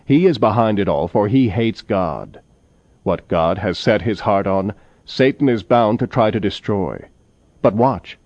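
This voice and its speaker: A man preaching a sermon in a measured, solemn manner, reading scripture aloud. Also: lowish voice, lively intonation, a little mellow, no room sound. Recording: dull lo-fi recording.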